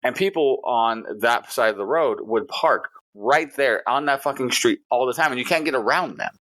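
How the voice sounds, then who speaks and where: A man's voice: mid-range voice, normal speed, a bit bright. A man co-hosting a casual podcast, telling a story in a heated, profane way. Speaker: podcast co-host.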